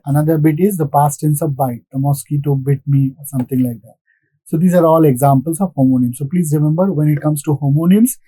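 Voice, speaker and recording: A man's voice: fairly high pitch, a little fast, mellow, breathy edge, no room sound, rough recording. A man giving a recorded lesson, patiently repeating points and answering his own questions. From India. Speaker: English lecturer. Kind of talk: recorded classroom lecture.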